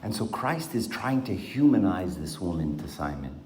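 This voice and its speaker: A man's voice: sits low, sing-song, moderate pace, darkish tone, a little hiss or hum. A man giving an informal Bible talk to a small group around a table, asking them questions in a conversational way. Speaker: Bible teacher. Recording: echoey room.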